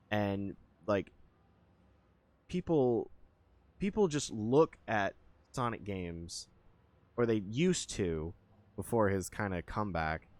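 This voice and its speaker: A man's voice: fairly low pitch, darkish tone, no echo. A man streaming a game and chatting with his viewers, rambling and hesitant with lots of fillers as he thinks aloud. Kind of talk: casual live-stream chat with viewers.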